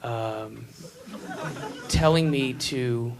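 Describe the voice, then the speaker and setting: A man's voice: mid-range voice, extremely slow, crowd noise. Profane, sarcastic stand-up comic man. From United States. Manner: profane, sarcastic ranting with mocking whispered asides. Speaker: stand-up comedian. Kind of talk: stand-up set. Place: comedy club stage with laughing audience. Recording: live club recording, audience murmur and faint noise.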